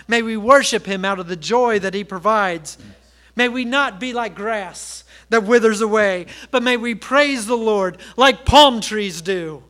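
Man preaching, sermon, high voice, bright and forceful tone, emphatic repeated exhortations, storytelling pastor.

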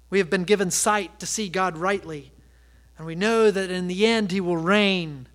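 Man preaching, sermon, high voice, bright and forceful tone, emphatic repeated exhortations, storytelling pastor.

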